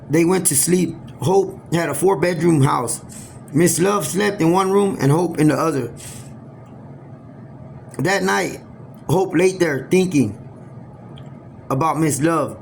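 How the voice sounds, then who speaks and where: A man improvises a long story aloud, wandering and halting, circling back to restart his lines. His voice sits a bit high with a gravelly edge, and a faint hiss runs underneath. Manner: rambling, halting, often restarts sentences.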